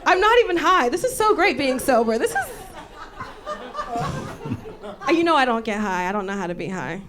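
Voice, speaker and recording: Woman comedian host, high voice, animated and profane storyteller, loud laughing crowd behind. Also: measured pace, very noisy. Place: stage before a live audience. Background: audience laughter.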